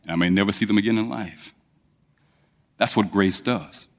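A male preacher telling a story in a sermon, animated, rising to high emphatic peaks. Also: normal speed. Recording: long reverb of a large hall.

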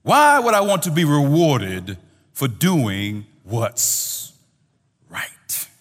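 A male pastor telling a story in a sermon, animated, his voice trailing off softly at the ends of phrases. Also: fairly high pitch, drawn-out words, in a large hall.

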